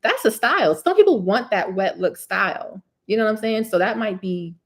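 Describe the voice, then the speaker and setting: This curly hair care host from New Jersey speaks at a moderate pace in an expressive, medium-pitched voice with her home-state accent. On an indoor live stream she fields viewer questions chattily, leaning on "you know what I'm saying."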